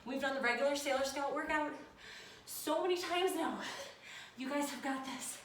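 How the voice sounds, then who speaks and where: Breathless and panting, a woman coaches a workout with upbeat countdowns. She has a high voice and a moderate pace, and the noisy recording sounds distant and echoey.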